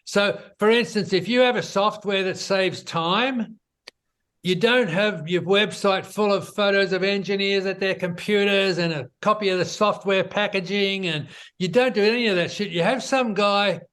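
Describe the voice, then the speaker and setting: A man, a business founder, telling his story in a relaxed, conversational interview, often tossing in "you know" and "right?". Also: high-pitched, normal speed, clean tone.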